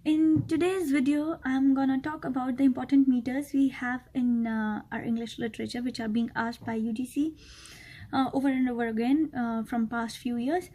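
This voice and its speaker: A woman's voice: high-pitched, fairly even intonation, normal speed, mellow. A young woman teaching an exam-prep literature lesson, explaining step by step with many ums and uhs and checking in with "right?".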